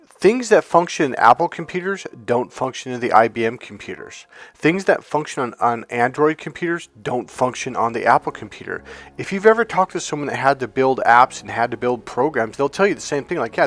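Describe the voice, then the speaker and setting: A man coaching other men on dating and pitching his course, emphatic and profane, with frequent restarts. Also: lively intonation, brisk, fairly bright tone. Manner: emphatic, profane, with lots of restarts and acted-out quotes.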